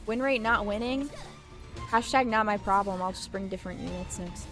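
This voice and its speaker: A woman's voice: medium pitch, moderate pace, fairly bright tone, soft background music. A woman streaming a game, chatting casually and swearing as she reacts to it, on a desk microphone at home. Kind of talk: live let's-play commentary.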